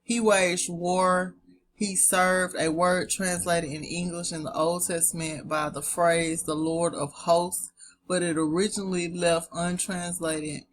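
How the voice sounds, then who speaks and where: Southern woman reading word origins real slow, chatty, keeps talking to "y'all". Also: lowish voice, flat delivery, slight background noise. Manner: chatty, talks straight to viewers as "y'all". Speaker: online Bible etymology presenter. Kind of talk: reading dictionary entries aloud with casual asides.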